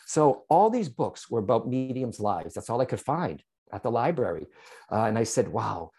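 With a husky, medium-pitched voice at a moderate pace, a man who is a psychic medium relates his story to an interviewer. He speaks animatedly and directly to the host, repeatedly tossing in "right?" and "okay?"

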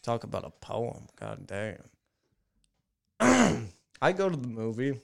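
A man's voice: mid-range voice, sing-song, slow, creaky. Casting: male podcast co-host, rambling storyteller, swears freely, loose and chatty. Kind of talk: casual chat.

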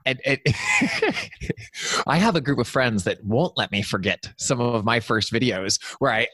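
Lively upbeat man on a podcast. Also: medium pitch, measured pace, no echo. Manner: enthusiastic, animated, jokey. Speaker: podcast guest, performance strategist. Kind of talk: energetic casual interview talk.

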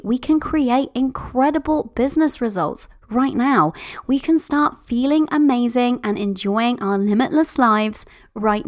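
A woman hosting a podcast as a business coach, bubbly and gushing, laughing often and calling listeners "my love". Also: on the high side. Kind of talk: upbeat podcast monologue.

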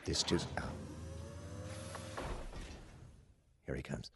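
An actor playing a clingy, passive-aggressive male digital assistant in a scripted audio comedy, speaking in a mild, deadpan way. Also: brisk, a little hiss or hum, close to an everyday voice. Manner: deadpan, mild and dry, turning plaintive.

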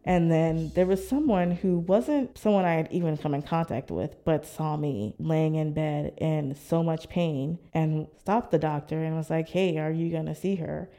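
A woman's voice: low voice, measured pace, few pauses, mellow, faint music behind. A woman in her thirties candidly recounting a personal experience, acting out what others said. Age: 30s. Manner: candid, reflective, acts out others' lines. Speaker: interviewee sharing her story. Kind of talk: personal storytelling.

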